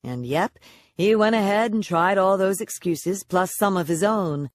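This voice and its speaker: A woman narrating an audiobook in a wry, expressive storytelling manner on a close microphone. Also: mid-range voice, unhurried, no echo. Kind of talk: scripted narration.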